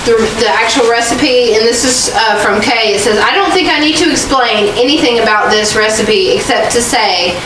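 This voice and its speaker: A woman's voice: a little high, normal speed, hardly any pauses. A woman co-hosting a cooking video, reading a recipe aloud while tipsy, joking and tripping over her words. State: tipsy from drinking. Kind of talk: casual tipsy kitchen chat. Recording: echoey room, mic far off, noisy.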